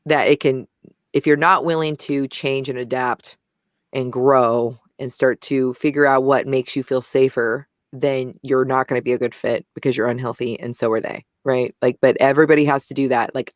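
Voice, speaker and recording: Intense, animated woman in a dry room. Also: rumbling low, no echo. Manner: intense, restarts sentences. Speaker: podcast co-host. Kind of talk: casual discussion.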